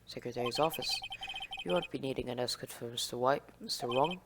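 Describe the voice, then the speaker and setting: A woman's voice: a bass voice, brisk, very noisy. A woman doing a smug, menacing rich villain. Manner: haughty, condescending, threatening. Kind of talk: voicing a video game let's play. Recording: game music playing behind. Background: game music.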